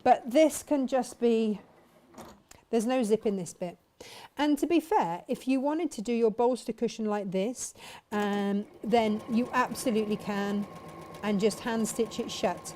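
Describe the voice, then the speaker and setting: A woman's voice: fairly high pitch, measured pace, a little mellow, slight background noise. A woman chatting casually as she demonstrates sewing and answers viewers' questions. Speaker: sewing teacher and shop host.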